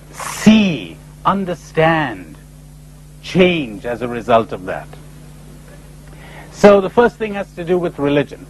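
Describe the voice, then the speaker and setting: A man's voice: slight background noise, low-quality recording. A man giving a spiritual lecture, telling stories and jumping into characters' voices. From India. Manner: animated storyteller, voices characters with sudden high pitch jumps.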